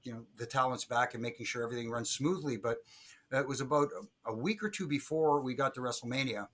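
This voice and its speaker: A man's voice: medium pitch, fast talker. A man, a former wrestling referee, telling stories as a guest in a casual interview, laughing often and acting out what people said. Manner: animated storyteller who laughs and acts out quotes.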